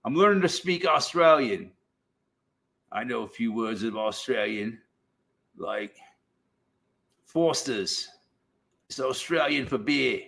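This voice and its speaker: A man's voice: medium pitch, expressive, creaky, fairly bright tone. A middle-aged American man hosting a casual, rambling chat, swearing freely and laughing between thoughts. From United States. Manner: swearing, laughs often, drawn-out slow talk. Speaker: livestream host.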